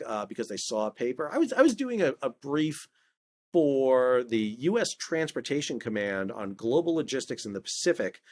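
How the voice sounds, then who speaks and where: A middle-aged man speaking as an interview guest, telling lively anecdotes in a casual conversational way, often restarting his words. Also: medium pitch. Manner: animated storyteller, frequent stammered restarts. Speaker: podcast guest, maritime historian.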